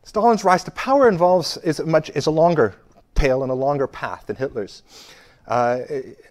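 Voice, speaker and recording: Guy lecturing on history, punches some words hard then goes quiet, lots of uh and restarts. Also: a little high, moderate pace. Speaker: university lecturer.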